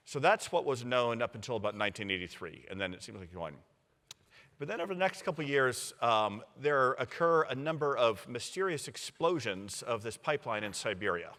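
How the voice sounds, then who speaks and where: A man's voice: medium pitch, brisk. A man, a university provost, telling history in a conversational way, acting out quoted leaders with lots of fillers. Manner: animated storyteller, acts out quoted leaders, many fillers. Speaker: university provost, guest speaker. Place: symposium stage in a large hall. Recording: long hall reverb.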